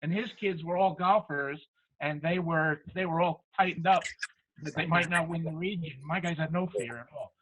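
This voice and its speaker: A man, a high school baseball coach, telling stories in a folksy way, chuckling as he goes. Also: normal speed, fairly bright tone, slight background noise. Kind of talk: casual storytelling. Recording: tinny phone-like line.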